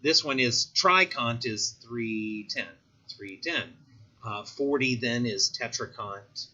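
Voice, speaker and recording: Bright, husky-voiced male teacher. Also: medium pitch, takes it slowly, muffled recording. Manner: casual, chatty explaining with asides. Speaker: chemistry teacher. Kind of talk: recorded video lesson.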